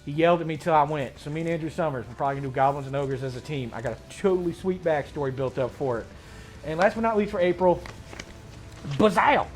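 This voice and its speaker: A man hosting a casual tabletop gaming chat, slangy and rambling, getting excited as he talks. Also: a little high, fast, faint music behind. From Mid-Atlantic United States. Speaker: host.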